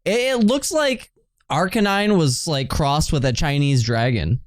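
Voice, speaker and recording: Animated, slow-talking male streamer. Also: on the high side, no room sound. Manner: excitable, laughs often and swears. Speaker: video game streamer. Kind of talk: casual livestream chat.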